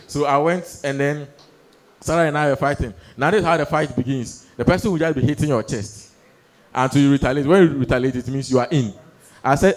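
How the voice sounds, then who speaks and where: Man, stand-up storyteller, slightly high voice, lively, laughs mid-line. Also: brisk. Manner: animated, acts out quoted voices, laughs through lines. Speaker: stand-up comedian. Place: comedy stage before a live audience.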